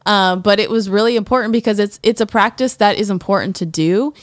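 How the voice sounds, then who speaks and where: A woman co-hosting a podcast talks candidly and reflectively about her personal experience in casual conversation, with many fillers and restarts. Her voice is mid-range and a little fast, recorded at studio quality with no room sound.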